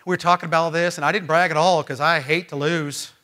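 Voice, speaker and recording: A man preaching a sermon as pastor, emphatic and swinging from loud, rising lines to quiet ones. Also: on the high side, fairly even intonation, fast. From Missouri. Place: church.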